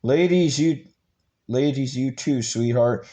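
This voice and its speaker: A man reading aloud and voicing a harsh, bullying male Marine drill instructor who growls crude orders, with halting restarts. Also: mid-range voice, steady tone, mellow, close to an everyday voice, poor audio. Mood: barking.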